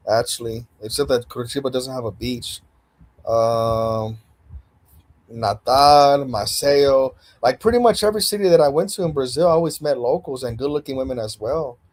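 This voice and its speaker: A man's voice: mid-range voice, brisk. A young man hosting a casual video-call chat, easygoing and loose, tossing in "man" and "bro" constantly. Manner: laid-back, peppers talk with "man" and "bro". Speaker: host.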